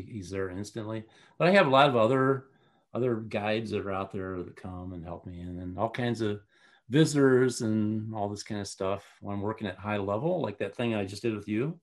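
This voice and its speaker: A man telling a long personal story in a casual interview, rambling with many fillers and restarts. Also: fairly low pitch. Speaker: guest.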